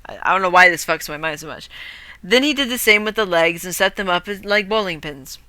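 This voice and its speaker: A woman's voice: fairly low pitch, lively intonation, brisk, bright, forceful tone, no echo. A woman streamer reading a grim fairy tale aloud, often breaking off to swear and rant about it. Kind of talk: casual story reading with commentary.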